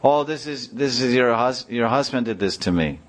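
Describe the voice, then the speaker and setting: A man voicing a gentle, tender young boy who speaks earnestly. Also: mid-range voice, animated, moderate pace, pitched above the performer's own voice, lightly acted. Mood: pleading.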